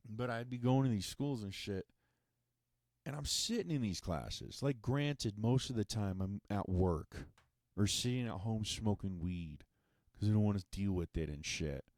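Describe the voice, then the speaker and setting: A man's voice: lowish voice, animated, a little slow, darkish tone, dry recording, studio quality. A man hosting a podcast, telling a sarcastic, profane and exasperated comedic monologue. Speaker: podcast host.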